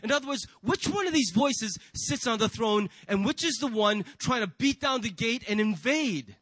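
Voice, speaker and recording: A man's voice: extremely high pitch, animated, moderate pace, a bit bright, dry recording, rough recording. A man preaching a sermon as pastor, asking the congregation rhetorical questions and acting out inner voices. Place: church.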